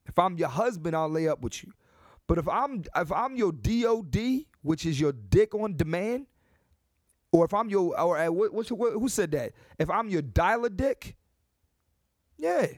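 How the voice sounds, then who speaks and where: A brash man in his thirties holding forth on his own podcast, restarting his sentences as he goes. His pitch swings widely and sits a bit high. The sound is dry and close. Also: unhurried, dry recording. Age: 30s. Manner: brash, animated, repetitive restarts. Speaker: podcast host. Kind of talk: comedic solo podcast monologue.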